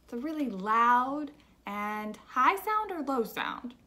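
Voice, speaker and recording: Slow-speaking woman teaching kids music. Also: on the high side, sing-song, sharp tone. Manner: slow, patient, questioning kids. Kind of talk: children's music lesson.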